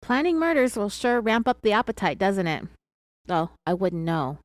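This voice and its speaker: A woman's voice: mid-range voice, very animated, normal speed, no echo, clean studio sound. A woman podcast host telling a true crime story, with sarcastic asides.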